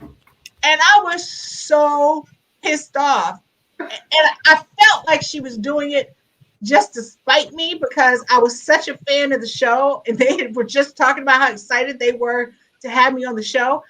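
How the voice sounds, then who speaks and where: A middle-aged woman guest speaker telling a personal story over a video call, animated and laughing as she gets louder. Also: high voice, a little slow, low-quality recording. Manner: animated, grows loud and laughing in retelling. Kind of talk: storytelling in a conversation.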